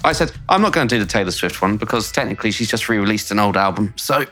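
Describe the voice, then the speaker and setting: A man's voice: fairly low pitch, animated, quick pace, fairly bright tone, soft background music. A man co-hosting a casual podcast, bantering and teasing his co-host. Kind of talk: casual chat.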